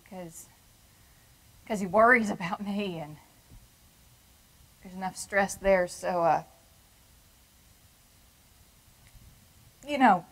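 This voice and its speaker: A woman's voice: mid-range voice, a bit bright, low-quality recording. Woman acting a brash folksy texan lady with a drawl, stage monologue. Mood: sober. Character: brash, wisecracking Texan woman with a husband in prison. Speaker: performer. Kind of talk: theatrical monologue.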